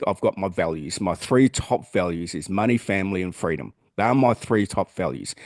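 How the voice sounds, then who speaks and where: A man's voice: on the low side, darkish tone, no room sound, clean studio sound. An Australian man co-hosting a podcast, talking in a blunt, earnest way and swearing freely. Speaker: podcast co-host. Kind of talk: casual chat.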